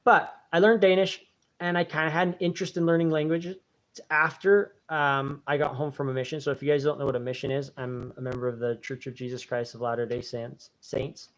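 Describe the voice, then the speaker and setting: A man hosting a casual live stream, warmly thanking viewers and rambling with many fillers and restarts. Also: a little high, little pitch movement, a little fast. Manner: warm and grateful toward viewers. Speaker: channel host reading viewer donations.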